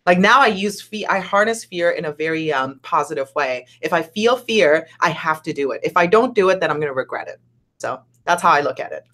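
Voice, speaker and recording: A woman co-hosting a casual live-stream chat, talking in an animated way that climbs high when she gets excited. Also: fairly quick. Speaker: co-host.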